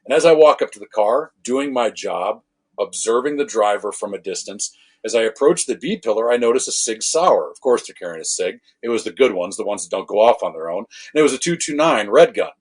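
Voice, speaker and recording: A man, a former law enforcement officer, tells animated stories on a podcast, acting out quotes and correcting his own swearing. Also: on the low side, a little fast, husky. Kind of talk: casual storytelling conversation.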